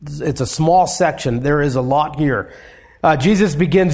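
A male pastor delivers an expository sermon in an unhurried, deliberate cadence. His voice sits high for a man. He lifts his voice on emphatic points and lets phrases fall away softly at their ends. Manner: measured preaching with emphatic rises and soft drops.

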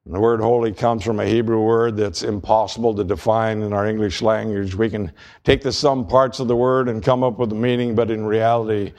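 A man preaching a sermon as pastor, reading scripture aloud in a measured way and slowing down on key words. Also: lowish voice, fairly even intonation, darkish tone. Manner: reads scripture and quotes aloud.

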